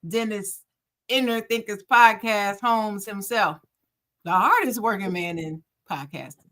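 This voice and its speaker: A woman's voice: medium pitch, a little slow, a bit bright. Chatty grandmother co-hosting a podcast. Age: older. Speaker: podcast co-host. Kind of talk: casual chat.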